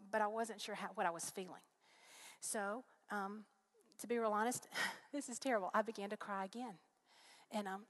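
Middle-aged woman, earnest testimony speaker at a church event, heartfelt and personal, mid-range voice. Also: mid-range voice. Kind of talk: personal faith testimony to a live audience.

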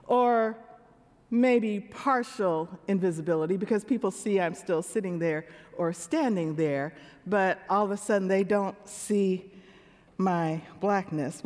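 A woman's voice: medium pitch, darkish tone. A woman in her sixties preaching a sermon in a church, talking with the congregation in a conversational way. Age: 60s. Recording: long reverb of a large hall.

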